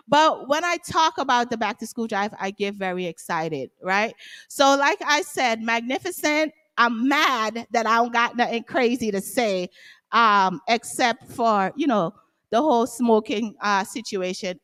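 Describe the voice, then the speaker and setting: A woman hosting a casual livestream talk show, talking in an excited, loud, chatty way with lots of fillers. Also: a little high. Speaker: show host.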